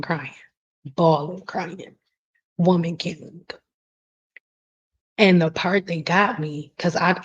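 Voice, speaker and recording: A woman hosting a casual live stream, talking bluntly and passionately and swearing freely. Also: fairly low pitch. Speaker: hair care host answering live chat. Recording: dull lo-fi stream audio.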